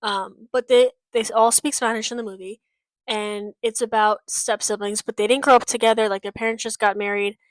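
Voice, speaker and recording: Young woman vlogger, slightly high voice, dry close mic, rambling and blunt, swears freely. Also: steady tone, brisk, no echo. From United States. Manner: rambling, frank, swears often, many fillers. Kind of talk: casual chat.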